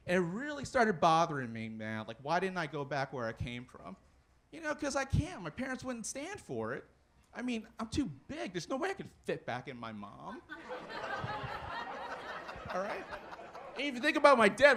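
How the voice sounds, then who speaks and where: A man's voice: high-pitched, huge pitch swings, moderate pace, a bit bright. A young man doing a stand-up comedy set, rambling with plenty of fillers and restarts. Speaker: stand-up comic.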